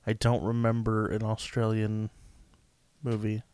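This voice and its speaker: A man co-hosting a podcast in casual chat, tossing off dry, deadpan quips. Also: fairly low pitch, a little slow, clear, resonant tone, no room sound. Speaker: podcast co-host.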